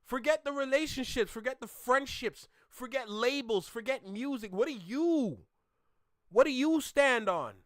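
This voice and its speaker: A man in casual commentary, animated and mocking, laughing often as he reacts to a clip. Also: extremely high pitch, unhurried, no room sound, clean studio sound.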